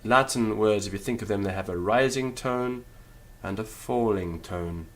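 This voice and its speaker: A man teaching Latin in a lecture, deliberate and careful, sounding out syllables one by one. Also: lowish voice. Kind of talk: spoken lecture.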